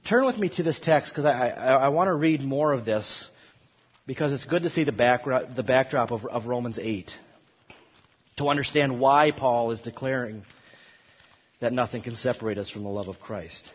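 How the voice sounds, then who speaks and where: A man's voice: mid-range voice, moderate pace, breathy edge. A man teaching a Bible course, lecturing emphatically and rising on quoted verses, with frequent restarts. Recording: dull audio in a long-echo hall.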